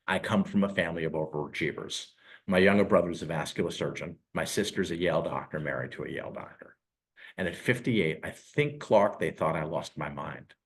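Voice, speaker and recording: A man in his sixties, a real estate recruiter giving a sales presentation on a live call, telling his story earnestly with emotional pauses. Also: low-pitched. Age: 60s.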